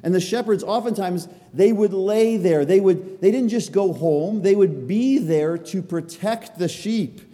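A man's voice: high-pitched, a little slow, hardly any pauses, dark tone. A man preaching an expository sermon, earnest and emphatic, driving points home by repeating them. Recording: long reverb of a large hall.

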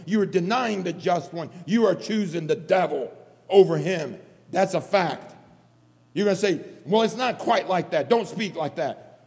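A man's voice: sits high, a little mellow. A man preaching an earnest sermon, repeating phrases for emphasis. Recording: long hall reverb.

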